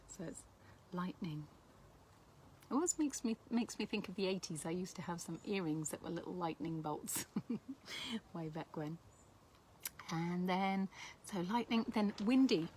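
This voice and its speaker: A woman's voice: fairly low pitch, a little hiss or hum. Chatty woman teaching signs. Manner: chatty and warm, laughing at herself. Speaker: sign language teacher. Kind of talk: casual teaching video to camera.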